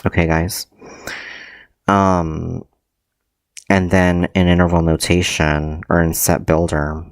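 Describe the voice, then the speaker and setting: A deep-voiced man works slowly through a livestreamed math lesson, often pausing with ums and correcting himself. The sound is dry and close. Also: level tone, clean tone, dry recording. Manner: hesitant, many ums and self-corrections. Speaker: math teacher.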